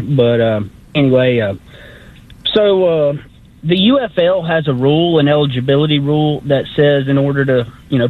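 A male caller on a radio show who talks politely and rambles, with many fillers. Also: medium pitch. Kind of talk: radio call-in chat. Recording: tinny phone line.

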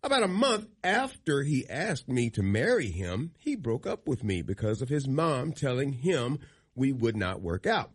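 A man's voice: mid-range voice, very animated, a little slow, breathy edge. A man co-hosting a radio morning show, reading a listener's letter aloud in a playful way. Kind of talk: casual radio banter.

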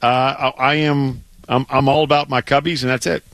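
A middle-aged man talks sports on the radio in casual, emphatic banter, stumbling and repeating himself when he gets worked up. His voice sits at an ordinary pitch and is recorded dry and close on a studio microphone. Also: flat delivery, normal speed, a bit bright, dry recording.

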